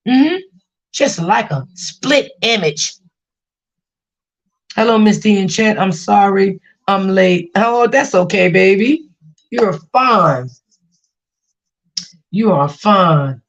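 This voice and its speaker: A woman hosts a casual livestream, venting about her family and reassuring her chat viewers, often repeating herself. She speaks slowly with a medium-pitched, expressive voice and pauses often.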